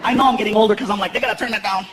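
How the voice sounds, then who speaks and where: High-voiced man doing stand-up in a noisy hall. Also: rapid-fire. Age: 30s. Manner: animated, lots of character voices and shouted punchlines. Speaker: stand-up comedian. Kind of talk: stand-up comedy storytelling. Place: large theater stage. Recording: noisy live venue, echoey hall with loud crowd. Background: audience laughter and crowd noise.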